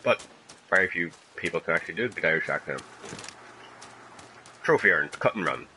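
A man's voice: low voice, lively intonation, fairly quick, sharp tone, a little hiss or hum, rough recording. A man hosting a gaming channel, giving casual gameplay commentary in a profane, self-mocking way.

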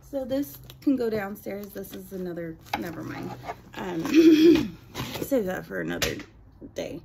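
A woman's voice: mid-range voice, expressive, unhurried, creaky, background noise. A young adult woman vlogger chatting casually through a product unboxing and review, rambling with self-deprecating asides.

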